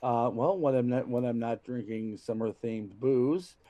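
Mellow dry-humored man on a podcast. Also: mid-range voice, unhurried, no room sound. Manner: dry, jokey. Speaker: regular podcast guest. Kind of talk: casual podcast chat.

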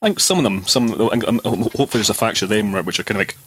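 Lowish, rambling man. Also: sing-song, rapid-fire, a bit bright, breathy edge. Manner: rambling, lots of "like". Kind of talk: casual gaming chat.

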